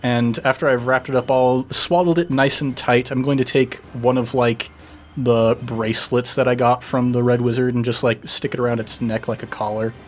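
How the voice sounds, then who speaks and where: Relaxed man playing a tabletop game. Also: medium pitch, normal speed. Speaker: player. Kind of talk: casual tabletop game play.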